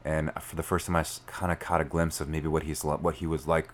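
A man, telling a story as a podcast guest in an animated way, full of fillers. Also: very deep voice, fast talker, slight background noise. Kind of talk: storytelling in conversation.

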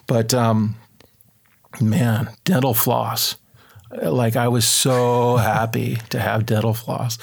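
A man spins a story in conversation, loose and chatty with plenty of fillers. When he quotes others, his voice jumps up and gets livelier, then settles back into an easy middle pitch. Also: slow pace, gravelly. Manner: animated, acts out quotes in a raised voice. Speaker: guest telling an adventure story. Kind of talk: casual spoken storytelling.

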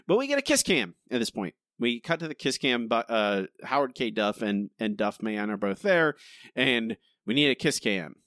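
Lively, exasperated male podcast host. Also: medium pitch, moderate pace, no echo, studio quality. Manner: exasperated, ranting, repetitive. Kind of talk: casual podcast chat.

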